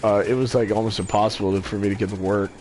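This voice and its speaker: A man's voice: lowish voice, fairly even intonation, racing, darkish tone, a little hiss or hum. A young man streaming a game, chatting casually and rambling with lots of restarts and fillers. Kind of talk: casual chat over gameplay. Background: game music.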